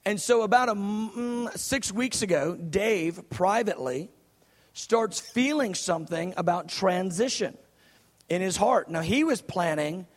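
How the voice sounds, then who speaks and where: A man's voice: high-pitched, a little slow. A man in his thirties preaching a sermon, telling a story in an earnest way with many fillers and restarts. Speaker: pastor. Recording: long reverb of a large hall.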